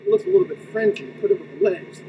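A man's voice: high-pitched, very fast, mellow, recorded from a distance, a little hiss or hum, poor audio. A middle-aged man coaching hurdles, counting beats aloud and checking in with "okay?" as he demonstrates. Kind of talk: demonstration lesson.

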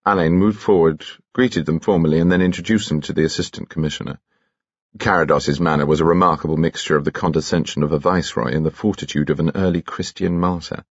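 A man narrates in a calm, measured, quietly dramatic manner, his voice very deep and gravelly. The sound is close and dry. A faint lo-fi dullness sits over the recording. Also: no room sound. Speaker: audiobook narrator. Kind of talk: scripted narration.

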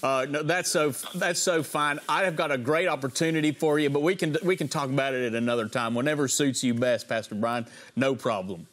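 A man's voice: medium pitch, brisk, few pauses, a bit bright, lightly acted. Man putting on a drawling Texas pastor. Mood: smooth-talking. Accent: put-on Southern US. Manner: over-friendly, rambling, stammering. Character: folksy male Texan megachurch pastor. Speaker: prank caller.

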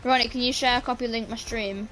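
A young British woman streaming a team game and chatting with her teammates, with sudden shouts and playful swearing. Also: fairly high pitch, fairly even intonation, a little fast, faint music behind. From Britain. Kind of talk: live gameplay chat.

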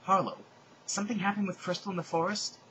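A man's voice: high voice, fairly even intonation, quick pace, sharp tone, muffled recording, a little hiss or hum, voice pushed up. A man voicing an earnest magical girl heroine who speaks matter-of-factly.

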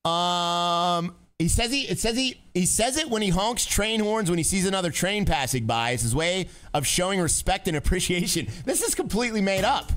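Excitable high-voiced male streamer. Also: moderate pace, soft background music. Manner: excitable, laughing, talks to chat. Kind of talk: live gaming stream chat.

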